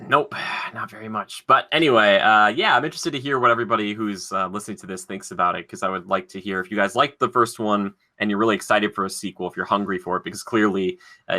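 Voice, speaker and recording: A man co-hosting a podcast, chatting casually in a rambling way with lots of fillers and quick laughs. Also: on the low side, pushed and bright. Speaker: podcast co-host. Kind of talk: casual chat.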